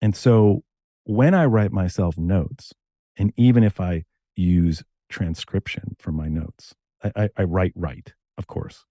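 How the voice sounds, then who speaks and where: His voice sits low on a dry recording as this middle-aged screenwriter and novelist from Connecticut tells stories in fast, animated bursts. He's appearing as a guest in a casual interview.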